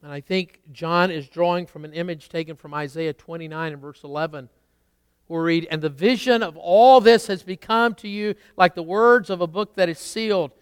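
A man preaching a sermon, rising to strong emphasis and dropping to quiet asides. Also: sits high, moderate pace, clean tone, no room sound. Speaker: pastor.

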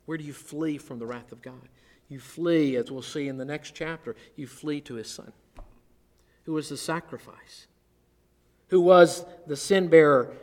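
A man with a notably high voice delivers an earnest expository sermon. He swells on important words and lets his phrases fall away quietly. The sound carries a long hall reverb. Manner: earnest, varies loudness, drops low at phrase ends. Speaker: pastor.

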